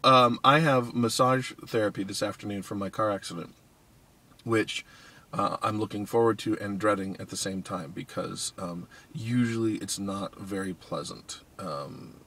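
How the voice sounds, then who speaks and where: A man's voice: lowish voice, fairly bright tone, a little hiss or hum. A tired man chatting casually in a morning vlog, rambling with many ums and restarts and yawning often. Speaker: vlogger. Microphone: iPod Touch camera.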